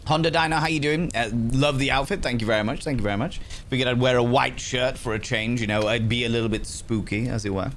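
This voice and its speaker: A man's voice: medium pitch, fairly even intonation, fast, a bit bright, slight background noise. A young man hosting a livestream, chatting casually and greeting viewers by name as he reads their comments aloud. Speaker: livestream host.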